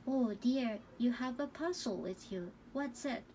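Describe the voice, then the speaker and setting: A woman voicing a kindly but sharp-tongued old grandmother who fusses and scolds gently. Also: on the high side, lively intonation, measured pace, slight background noise, rough recording. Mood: coaxing.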